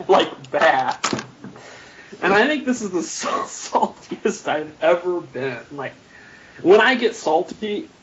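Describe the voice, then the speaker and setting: A man's voice: high-pitched, sing-song, slow pace, a bit bright, a little hiss or hum. A man telling stories on a casual podcast, laughing at himself often. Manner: laughing, self-mocking storyteller. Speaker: podcast guest player. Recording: muffled lo-fi podcast audio.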